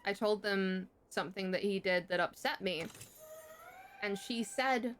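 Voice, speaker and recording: A young woman streamer telling a story in casual chat, swearing freely and jumping sharply in pitch. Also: measured pace, a bit bright, faint music behind.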